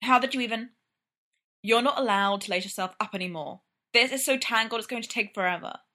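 A woman's voice: a little high, a little fast, sharp tone. Woman reading a blunt, impatient young man. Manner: dry and matter-of-fact.

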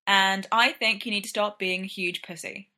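A woman's voice: medium pitch, fairly even intonation, moderate pace, bright, forceful tone, close to an everyday voice. A woman voicing a smirking young man with a sardonic manner.

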